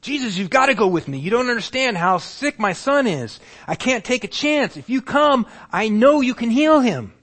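A man's voice: sits high, sing-song, normal speed, few pauses, a bit bright, breathy edge, voice pushed up, exaggerated voice. A man voicing a desperate royal official who begs urgently for his sick son, in a raised, strained voice.

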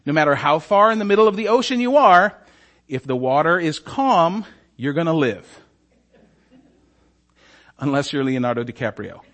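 Guy preaching with a lot of bounce, high voice, does little voices for people in the story. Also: moderate pace, long pauses. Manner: animated, acts out voices, asks "right?". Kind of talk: sermon storytelling.

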